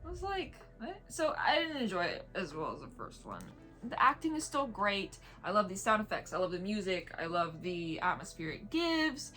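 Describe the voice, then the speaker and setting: A woman's voice: mid-range voice, very animated, normal speed, bright, forceful tone, faint music behind. A woman reviewing an audiobook in a chatty, rambling way, laughing often and drifting into tangents. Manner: playful whispers when mimicking vampires. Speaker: book reviewer. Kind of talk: casual video review.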